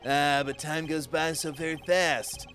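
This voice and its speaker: A man voicing a sentimental, doting old committee chairman with a wistful, grandfatherly, drawn-out delivery. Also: on the high side, fairly even intonation, a bit bright, faint music behind. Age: older.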